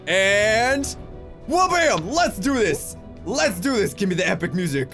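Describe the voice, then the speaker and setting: A young man with a very high voice narrates his own gameplay, venting frustration and exclaiming as he goes. Soft music plays faintly behind him. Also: big pitch swings, measured pace. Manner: frustrated, exclaiming, rambling self-talk. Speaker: gaming YouTuber. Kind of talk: let's play commentary.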